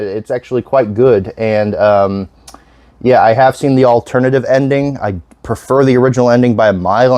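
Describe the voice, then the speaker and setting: A man's voice: medium pitch, darkish tone, no room sound. A man vlogging in casual chat, rambling with lots of restarts and frequent swearing.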